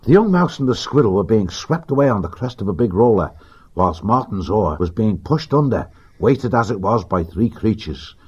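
A man narrating an animal adventure audiobook in a steady, vivid reading. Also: fairly low pitch, normal speed, slightly rough. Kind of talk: scripted storybook narration. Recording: dull lo-fi recording.

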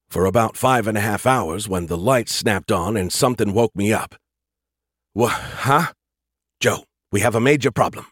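A man narrating an audiobook in the first person, reading at a steady, measured pace. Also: fairly low pitch, dry recording, studio quality.

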